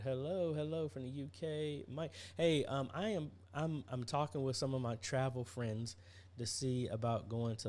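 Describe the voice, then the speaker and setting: A man's voice: medium pitch, darkish tone. A tired man hosting a casual live stream, chatting and greeting viewers by name with lots of fillers. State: tired, yawning. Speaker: livestream host. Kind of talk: casual livestream chat.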